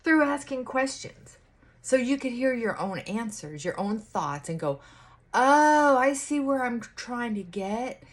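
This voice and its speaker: Slow-talking husky woman vlogger. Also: medium pitch. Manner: slow, musing, with pauses and restarts. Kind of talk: casual get-ready-with-me chat.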